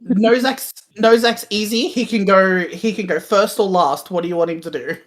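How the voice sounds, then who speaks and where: A woman's voice: mid-range voice, normal speed. A woman playing a tabletop game, chatting casually, swearing freely and hesitating with many fillers. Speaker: player.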